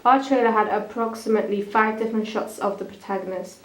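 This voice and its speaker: Young female student presenter, reads haltingly, roomy echo, mid pitch. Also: steady tone. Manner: stumbling, restarting lines. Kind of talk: reading a school media evaluation.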